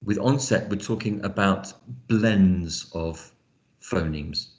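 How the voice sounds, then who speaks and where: A man's voice: low voice, slow pace, roomy sound. A man teaching an online phonics lesson, explaining step by step with frequent fillers. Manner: explanatory, thinks aloud with fillers. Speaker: lecturer.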